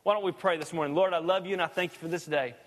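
A high-voiced man preaches a sermon in a casual, folksy way, breaking off for quick jokes. His voice rings with the long reverb of a big church hall. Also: fairly even intonation. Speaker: pastor. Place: church sanctuary.

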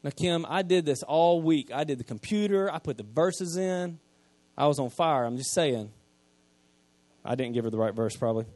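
Guy preaching, chatty bible retelling, kinda high voice. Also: brisk, no echo. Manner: conversational preaching, paraphrasing scripture in casual modern speech; swings from quiet to loud emphasis. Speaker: pastor. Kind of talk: sermon.

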